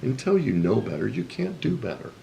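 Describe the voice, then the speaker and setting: A man's voice: mid-range voice, very animated, fairly quick, creaky, dark tone, highs cut off, a little hiss or hum. A man speaking as a relationship coach in a podcast interview, explaining things in an earnest, emphatic way.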